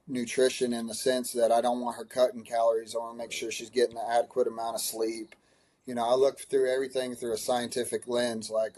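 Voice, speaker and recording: Earnest, mellow-voiced man coach. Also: mid-range voice. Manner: earnest, emotional, rambling with many restarts. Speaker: high school cross country coach. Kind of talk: podcast interview answer.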